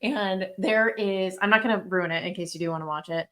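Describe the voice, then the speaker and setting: A young woman co-hosts a podcast, chatting casually with a friend in a mid-range, fairly bright voice at a fairly quick clip. She laughs easily and drops "like" into her sentences.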